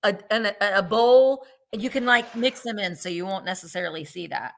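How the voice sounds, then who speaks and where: A woman's voice: mid-range voice, normal speed. A woman co-hosting a live sale, chattily walking through each lot. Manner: chatty, upbeat selling. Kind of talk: livestream sales pitch.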